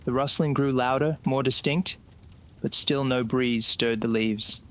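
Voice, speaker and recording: A man reads a scripted horror story aloud. He keeps a slow, suspenseful delivery. His voice sits at a middle pitch for a man. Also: fairly even intonation, fairly bright tone. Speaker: narrator.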